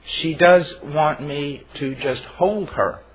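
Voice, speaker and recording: A man preaching a sermon in an earnest, emphatic way, with halting restarts. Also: fairly high pitch, slightly rough. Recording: dull lo-fi recording.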